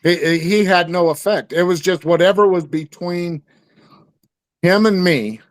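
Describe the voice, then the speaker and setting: A man's voice: high voice, unhurried, dry recording. Rambling man telling a story. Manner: rambling, many fillers and restarts. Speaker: guest. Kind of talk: storytelling in casual conversation.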